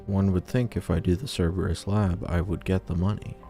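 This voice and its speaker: A man's voice: low voice, fairly even intonation, brisk, gravelly, mellow. A young man streaming a game, talking casually and ranting bluntly with lots of swearing. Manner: blunt, profane, opinionated ranting. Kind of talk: casual live-stream commentary over gameplay. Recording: streamed with game music behind.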